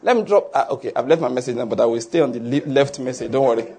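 A man preaching a sermon to his congregation, animated, often asking whether they follow and laughing along. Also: medium pitch, fast talker, a little hiss or hum. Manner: animated, asks "are you getting my point?" often, laughs along. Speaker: pastor.

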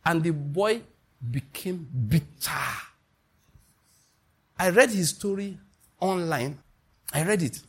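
A Nigerian man in the pulpit, preaching with emphatic energy. His voice sits a little high for a man and carries a husky edge. He jumps sharply upward in pitch when he drives a point home. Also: slow, pauses often. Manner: animated, emphatic preaching with sudden high emphatic rises. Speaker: pastor. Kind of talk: sermon.

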